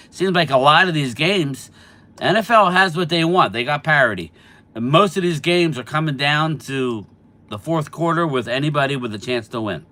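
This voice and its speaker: Speaking in a sharp, medium-pitched voice, a middle-aged host of a sports channel answers his live chat. He talks football casually, names each viewer as he replies, and sounds a little stuffed up from allergies.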